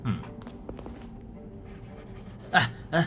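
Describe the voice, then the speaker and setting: A man's voice: lowish voice, sing-song, fairly quick, pushed and bright, slight background noise. A man streaming a game demo, giving casual commentary full of sarcastic, wry asides.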